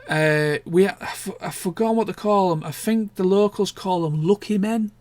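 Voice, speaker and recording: A man's voice: high-pitched, moderate pace, darkish tone, no echo. A young man, chatting casually and candidly in a rambling vlog catch-up, with the odd swear word. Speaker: vlogger. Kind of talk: casual chat.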